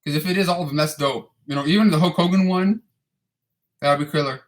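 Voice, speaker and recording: A man's voice: a little high, fast. Profane, rambling man in his thirties. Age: 30s. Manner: rambling, profane, repeats and restarts words. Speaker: vlogger answering viewer questions. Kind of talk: casual chat.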